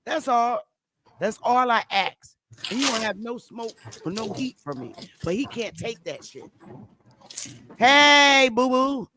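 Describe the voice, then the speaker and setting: A woman's voice: on the high side, lively intonation, a little slow, very noisy. Fiery, profane woman streamer. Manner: profane, combative, loud outbursts. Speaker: livestream host. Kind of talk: heated casual livestream rant.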